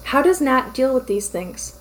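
A woman's voice: high voice, very animated, a little slow, slight background noise. A woman doing Clint, a huffy joking archer. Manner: huffy, chattering and playful. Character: goofy, joking young male archer. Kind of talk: fan fiction audiobook reading.

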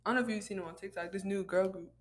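A woman with a middle-pitched voice chats casually on a podcast, in a relaxed tone full of slang. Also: racing. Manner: easygoing, slangy. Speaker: podcast co-host.

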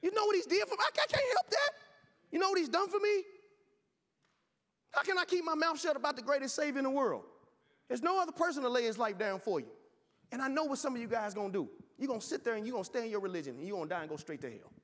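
A man's voice: very high-pitched, lively intonation, fast talker, a bit bright, in a large hall. A male pastor preaching with passion, telling a story and often restarting his words. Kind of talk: sermon.

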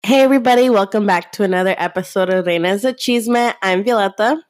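A woman's voice: mid-range voice, fast talker, no room sound, studio quality. A woman hosting a podcast who chats casually and cracks playful jokes. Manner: playful and joking. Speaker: podcast host. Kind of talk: casual chat.

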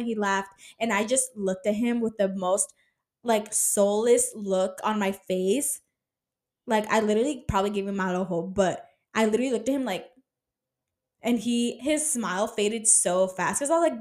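A woman's voice: mid-range voice, brisk, darkish tone. A young woman in her twenties talks through her stories in a loose, casual podcast monologue. She is blunt and rant-prone, swears often, and fills her sentences with slang and "like". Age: 20s. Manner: swears a lot, heavy slang and filler "like". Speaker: podcast host.

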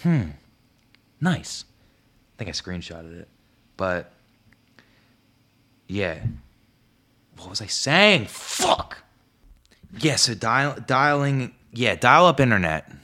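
A young man hosting a podcast, telling rambling comic stories, swearing often and jumping up in pitch when he quotes himself. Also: very animated, slow pace, long pauses, sharp tone. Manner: rambling, swears a lot, jumps high when quoting himself. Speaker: podcast host. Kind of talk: casual comedic storytelling monologue. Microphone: podcast microphone.

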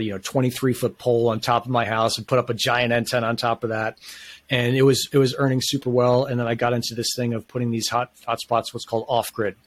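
A man talking as a podcast guest, telling a long story in a casual, enthusiastic, rambling way with plenty of slang. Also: medium pitch.

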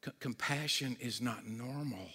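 A pastor preaches at a measured pace with a breathy edge to his voice, the big-room sound filling out his words. His sermon is energetic and conversational, with jokes on the side, stammered restarts, and moments where he drops low and quiet for serious points.

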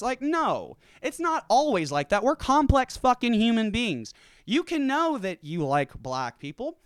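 Animated, profane comedian man. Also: a little slow, clear, resonant tone, no echo, clean studio sound. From Southern United States. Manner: profane, animated, swinging between loud outbursts and low asides. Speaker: comedian and podcast host. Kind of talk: stand-up comedy rant.

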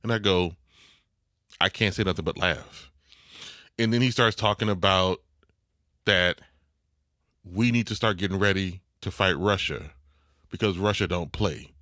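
A middle-aged man with a low, bright, forceful voice tells a story in a casual chat. He is animated and swears freely. The sound is dry and close. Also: unhurried, pauses often, dry recording.

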